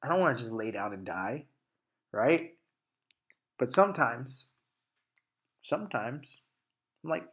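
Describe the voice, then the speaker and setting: An older man in his sixties speaks straight to his listeners in a blunt motivational talk. He swears freely and punches key words with sudden loud emphasis, then drops back to a plain conversational tone. His voice sits at an ordinary middle pitch for a man. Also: very animated, takes it slowly, long pauses. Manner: blunt, profane and emphatic, with bursts of loudness. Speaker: podcast host. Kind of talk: motivational monologue.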